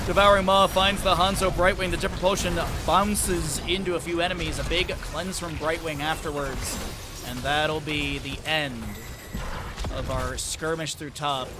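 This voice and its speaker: A man's voice: a little high, noisy background. A man giving solo play-by-play commentary on an esports match from home, rattling off game events and lifting his voice at big plays. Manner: fast rundown of game events, bursts of excitement at big plays. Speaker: esports caster. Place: home, with a dog in the room.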